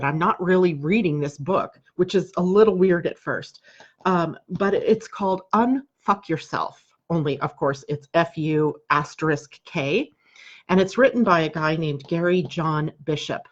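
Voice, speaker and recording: Woman astrologer host from the US, conversational, fond of rhetorical asides; low-ish voice, muffled stream sound. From United States. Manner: chatty, conversational, asks rhetorical questions. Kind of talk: live daily astrology broadcast.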